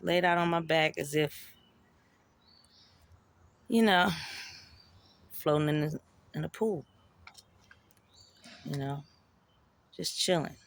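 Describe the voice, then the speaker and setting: A woman's voice: low-pitched, slow, long pauses. A woman telling a personal story in a raw, profane, emotional way, with slangy, conversational speech.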